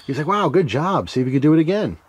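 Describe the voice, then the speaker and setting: A man's voice: fairly high pitch, sing-song, quick pace, slightly rough. A middle-aged man casually telling a rambling childhood story, laughing and acting out the voices he quotes. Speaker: knife channel host.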